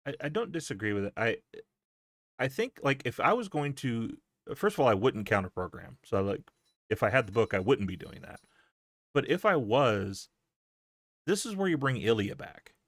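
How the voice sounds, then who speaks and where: A man's voice: medium pitch, big pitch swings, moderate pace, fairly bright tone, no echo, studio quality. A man hosting a podcast, chatting loosely about wrestling with restarts, stammers and swearing. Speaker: podcast host. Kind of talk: casual wrestling chat.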